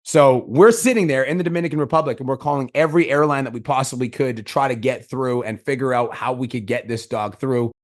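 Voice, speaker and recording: Casting: male podcast host, quick delivery, loose and profane storytelling. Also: medium pitch. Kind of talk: casual chat.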